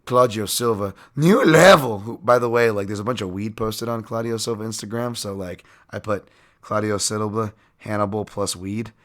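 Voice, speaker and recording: Bright-voiced, rambling, self-mocking man. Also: lowish voice, little pitch movement, normal speed. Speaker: podcast host. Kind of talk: casual sports-betting breakdown.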